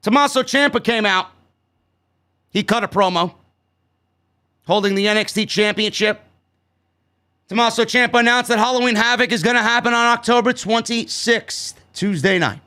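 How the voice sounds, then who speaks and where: A man's voice: sits high, bright, forceful tone. A man from New York casually recapping a wrestling show, blunt, sarcastic and given to swearing.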